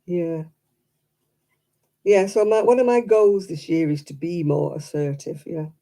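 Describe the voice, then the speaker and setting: A woman's voice: on the low side, steady tone, unhurried, mellow. A woman chatting casually to her live stream audience, rambling and self-deprecating.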